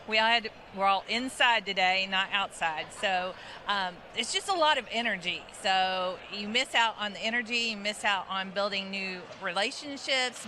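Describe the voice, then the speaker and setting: A woman's voice: mid-range voice, bright, forceful tone, a little hiss or hum. A woman attending a conference, chatting casually in an interview on a crowded expo floor, with plenty of fillers.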